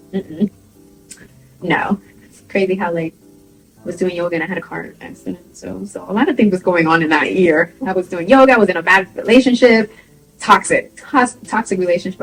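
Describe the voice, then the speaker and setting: A young woman talks casually to camera, sharing a personal story in a chatty, animated way. She laughs often and slips into quick impressions of people. Her voice sits at a middle pitch, with soft music playing faintly behind her. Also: low-quality recording. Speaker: vlogger.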